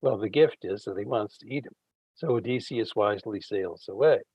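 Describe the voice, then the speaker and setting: A man, a Bible scholar guest, retelling ancient stories in an unhurried conversational way with frequent fillers. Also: lowish voice, a little mellow, husky, dry recording, poor audio. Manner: unhurried storytelling, frequent fillers, acts out quoted characters.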